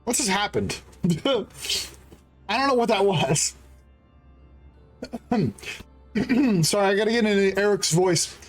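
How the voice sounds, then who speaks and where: Male streamer, jokey live commentary, reads game dialogue out loud. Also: sits high, expressive, takes it slowly, long pauses, soft background music. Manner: joking, laughs often, reads game text aloud.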